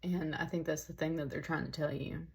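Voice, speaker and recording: A woman with a low-pitched voice talks through a tarot reading in a loose, rambling way. She sounds emotional and slightly tearful, and she keeps dropping in "like" and "y'all" as she goes. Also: steady tone, fairly quick, gravelly. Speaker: tarot reader. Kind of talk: casual spoken tarot reading.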